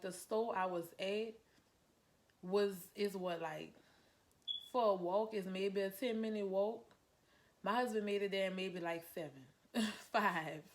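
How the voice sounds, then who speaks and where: A woman from Louisiana, telling a personal story to her viewers in a casual storytime vlog, animated and chatty, calling them "y'all". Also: mid-range voice. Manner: animated, addresses viewers as "y'all", acts out her own lines.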